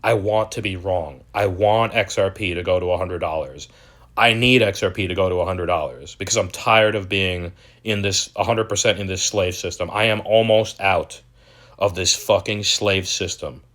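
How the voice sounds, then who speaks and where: A man's voice: low-pitched, steady tone, moderate pace, fairly bright tone. A young man hosting a crypto channel, ranting in a profane, exasperated and mocking way. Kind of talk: ranting video commentary.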